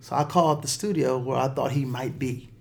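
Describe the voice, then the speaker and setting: A middle-aged man telling a story as an interview guest, animated and repeating words as he gets going. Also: medium pitch, brisk, vocal fry, a little hiss or hum. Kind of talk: casual storytelling.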